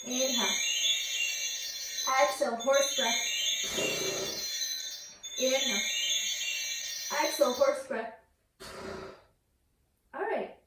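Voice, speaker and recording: A woman's voice: high-pitched, slow, pauses often. A young woman teaching a yoga class with a toddler, playful and sing-song, breaking into animal sounds. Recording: very echoey room, mic at a distance, faint noise.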